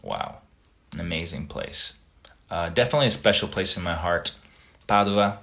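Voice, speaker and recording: A man hosting a casual livestream, reading viewer comments aloud and chatting back in a relaxed, friendly way. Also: sits low, normal speed, creaky. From Italian family background.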